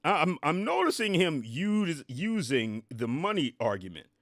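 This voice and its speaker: Middle-aged male reaction host: animated, exclaiming, swooping pitch, dry close sound. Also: a little slow, no echo. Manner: animated and exclamatory, talks back at the clip. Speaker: commentator reviewing an interview clip. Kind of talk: casual reaction commentary.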